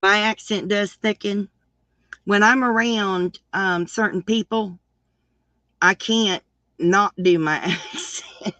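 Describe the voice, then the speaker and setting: A woman with a Southern country accent, chatting casually and deliberately as co-host of a crochet live stream. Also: mid-range voice, sharp tone, dry recording.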